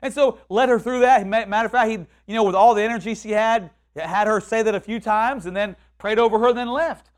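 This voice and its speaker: A man's voice: high-pitched, brisk, hardly any pauses, clear, resonant tone. A man preaching a sermon in a conversational way, often repeating words and acting out what people say. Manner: conversational, repeats words and restarts, quotes people in lively voices.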